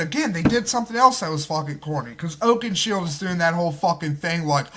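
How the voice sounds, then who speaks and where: Casual male reviewer, slightly high voice, rambling and profane. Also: fairly quick, hardly any pauses, fairly bright tone. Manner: rambling, profane, many fillers and restarts. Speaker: movie reviewer.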